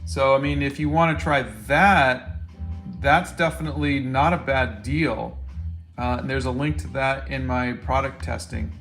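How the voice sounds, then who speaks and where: A middle-aged man, an artist answering viewer questions in a relaxed, casual livestream chat. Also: medium pitch, a little slow, soft background music. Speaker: artist and show host.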